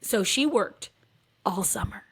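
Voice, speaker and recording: A woman's voice: medium pitch, lively intonation, slow, breathy edge. Candid, wry storytelling woman. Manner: candid and wry, with frequent swearing and a self-mocking tone. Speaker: dance mom vlogger. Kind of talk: comedic personal storytelling.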